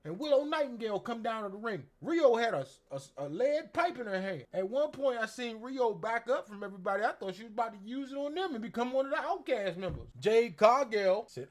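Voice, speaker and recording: Male host, high voice, casual slangy wrestling recap, lively impressions of quotes. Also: a little fast, few pauses. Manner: slangy, animated, acts out quotes in exaggerated voices. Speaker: wrestling show reviewer.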